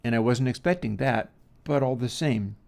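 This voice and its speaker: Gravelly-voiced man musing on a stream. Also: medium pitch, moderate pace, a little mellow. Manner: musing, self-deprecating, chuckling asides. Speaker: stream host. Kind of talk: casual livestream chat while mixing audio.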